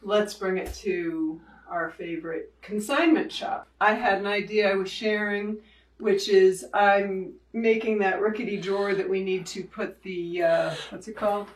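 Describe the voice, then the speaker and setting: A woman with a Boston accent talks through her plans as she clears out a room at home. Her voice sits at an ordinary middle pitch, and she chats casually and easily, thinking aloud as she goes. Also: fairly even intonation, unhurried. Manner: chatty, thinking aloud while tidying. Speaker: vlogger. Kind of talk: casual home vlog chat.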